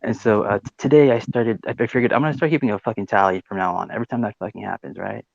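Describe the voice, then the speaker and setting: A man's voice: on the low side, rapid-fire, gravelly, no room sound, dull audio. A man hosting a live audio chat room, rambling casually with lots of fillers and swearing. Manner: rambling, swears, many fillers like "you know" and "right".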